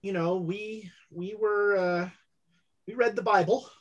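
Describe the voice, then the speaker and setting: The mournful ghost of an old-west homesteader speaks in a hushed, sorrowful voice, as a game master puts him on. The delivery is slow and unhurried. The pitch sits in a middle range. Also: steady tone, lo-fi sound, natural voice. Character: grieving ghost of a male homesteader.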